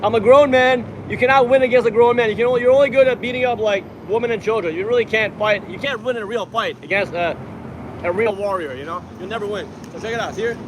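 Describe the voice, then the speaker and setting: A man's voice: high voice, quick pace, background noise. A young man from Iran livestreaming from a street protest on a handheld phone, chatting boastfully and combatively with his viewers. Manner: boastful and combative, addresses chat directly. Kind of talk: casual livestream chat.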